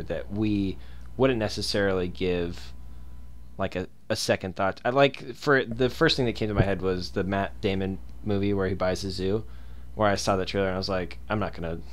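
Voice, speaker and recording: A man co-hosting a movie podcast, chatting casually and joking. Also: low voice. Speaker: podcast co-host. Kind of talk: casual chat.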